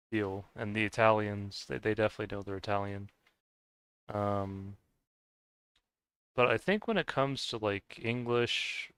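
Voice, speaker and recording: A man talking casually while playing a game, his voice low-pitched and smooth. He rambles and hesitates, piling up fillers and restarts with frequent laughs. The sound is dry and close, with no room around it. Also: fairly bright tone, no echo. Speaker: gaming streamer. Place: lives in the US.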